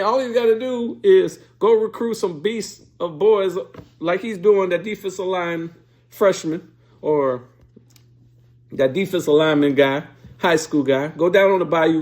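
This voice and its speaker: Guy hosting a sports show, kinda high voice, blunt and swears a lot, gets fired up. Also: a little slow, darkish tone. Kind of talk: casual opinion commentary.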